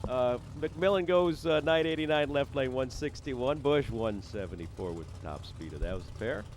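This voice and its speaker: A man's voice: mid-range voice, lively intonation, moderate pace, a little hiss or hum. A man calling drag races live as announcer, rattling off names, towns and times with a jokey, self-deprecating manner. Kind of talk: live race commentary. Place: drag strip. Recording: loud race cars behind the voice.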